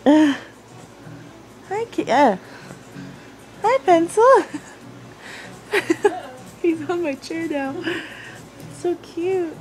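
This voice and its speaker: A woman's voice: extremely high pitch, lively intonation, drawn-out words, pauses often, a little mellow, soft background music, low-quality recording. A young woman chatting casually at home while filming her pets on a handheld camera, giggling often and swearing offhandedly. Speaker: person filming her cats. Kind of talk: casual home video chat. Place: at home indoors.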